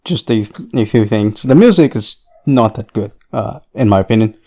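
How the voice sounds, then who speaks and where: A man's voice: lowish voice, lively intonation, normal speed, dark tone. A man co-hosting a podcast, chatting casually and laughing between his points. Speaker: podcast co-host. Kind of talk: casual chat.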